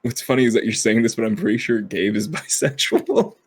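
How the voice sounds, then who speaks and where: A man's voice: lowish voice, fairly quick, husky. A man co-hosting a casual podcast chat, rambling with lots of fillers and frequent laughter. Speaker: podcast co-host.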